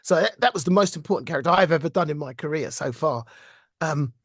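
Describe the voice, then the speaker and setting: A middle-aged British man, a voice actor, telling stories in a casual interview with animated, self-deprecating warmth and frequent laughs. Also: a little high, fast, husky, dry recording, studio quality. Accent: British English. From Britain. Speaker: voice actor guest.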